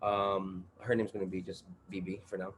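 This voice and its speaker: A man's voice: low-pitched, level tone, moderate pace, slight background noise. A man guest on a podcast, telling a story in casual chat, full of profanity, street slang and fillers.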